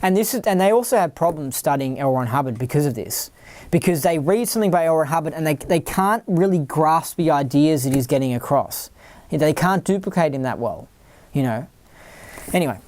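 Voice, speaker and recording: A podcast host talking in a casual, rambling monologue, full of "like" and repeated words, sometimes putting on a higher, worried voice to mimic others. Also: animated, brisk, a little mellow, no room sound.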